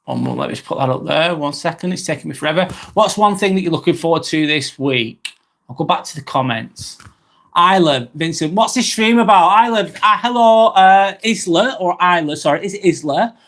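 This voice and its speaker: Relaxed man, slow live-stream chat. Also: a little high. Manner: slow, relaxed, rambling with many fillers and apologies. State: slightly under the weather, occasional cough. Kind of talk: casual live-stream chat reading comments.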